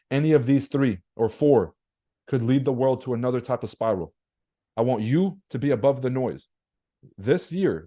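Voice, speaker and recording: A young man runs a casual livestream about markets, blunt and slangy, throwing rhetorical questions at his viewers. His voice sits at a middle pitch with a dark, mellow tone. He swears freely and keeps an easygoing, off-the-cuff delivery. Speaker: trading webinar host.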